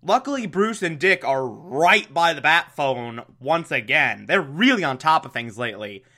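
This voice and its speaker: Male host, casual comic recap, wry and chatty, bright, slightly high voice. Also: very animated, moderate pace. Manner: wry, chatty, laughing asides. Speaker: show host recapping an episode.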